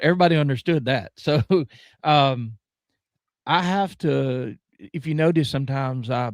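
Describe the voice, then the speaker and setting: A man with a Southern US accent talking as a guest in an easygoing chat. He rambles and leans on filler words, yet enunciates deliberately. His voice sits mid-pitch and sounds dry and close. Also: no room sound. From American South. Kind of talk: casual chat.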